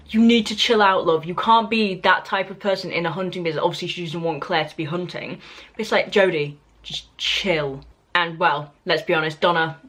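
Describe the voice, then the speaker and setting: A young woman with a British accent talks straight to camera in a casual review vlog, her voice sitting a bit low. She is opinionated and loose, full of fillers, restarts and asides. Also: a bit bright. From Britain. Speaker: book and TV reviewer.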